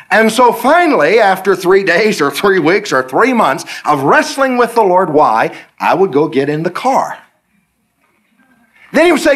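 A man's voice: big pitch swings, unhurried, fairly bright tone. A middle-aged man preaching a sermon, telling stories and acting out his own back-and-forth questions with the Lord. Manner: storytelling, acts out dialogues with the Lord, pitch swooping high on questions.

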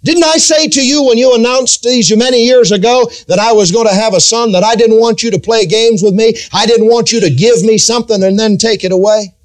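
A man's voice: sits high, steady tone, fairly quick, few pauses, voice pushed up, lightly acted. A man preaching a sermon, voicing a grieving mother who insistently reproaches a prophet. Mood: reproachful.

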